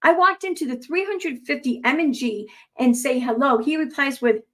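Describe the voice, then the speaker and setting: Young adult woman, a bit high-pitched, casual commentator. Reads posts aloud, breaks off into sarcastic, rambling asides. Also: expressive, normal speed.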